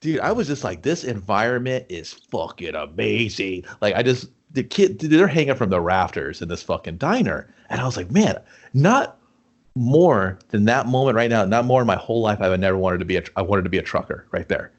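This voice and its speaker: A man co-hosting a casual movie review chat, swearing a lot and acting out scenes in gruff put-on voices. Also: lowish voice, a little fast. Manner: profane, animated, acts out scenes in gruff voices. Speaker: podcast co-host.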